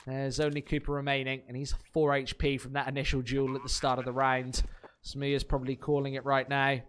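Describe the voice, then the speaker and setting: A man doing play-by-play commentary on an esports match, surging into excited shouts on big plays. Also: mid-range voice, a little fast, slight background noise.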